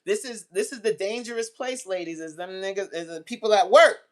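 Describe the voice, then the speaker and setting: A woman hosts a casual livestream chat, answering messages bluntly and profanely while laughing often. She acts out the quoted voices in her stories, and her mid-range voice runs a little fast.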